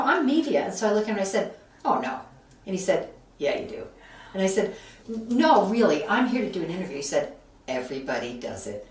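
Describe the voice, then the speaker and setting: A woman from Buffalo, New York, telling a story as an interview guest, acting out the voices of the people in it. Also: fairly low pitch. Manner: animated, acts out quoted voices. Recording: roomy echo, mic at a distance, faint background noise.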